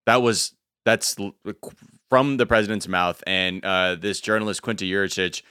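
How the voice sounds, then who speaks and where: A man's voice: lowish voice, fairly even intonation, moderate pace, bright, forceful tone, clear, resonant tone, no echo, clean studio sound. A man co-hosting a podcast, chatting loosely and joking, often laughing between lines. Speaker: podcast co-host. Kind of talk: casual chat.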